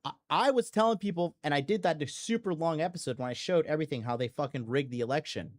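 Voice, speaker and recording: A man's voice: fairly high pitch, fast talker. A man hosting a podcast in a blunt, profane, rambling monologue full of fillers and restarts. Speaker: podcast host. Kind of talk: casual monologue.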